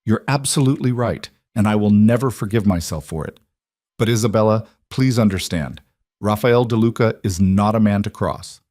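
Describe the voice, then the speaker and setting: A man's voice: fairly low pitch, normal speed, a little mellow, no echo, studio quality, natural voice. A man putting on a tearful remorseful mother. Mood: pleading. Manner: pleading, sorrowful.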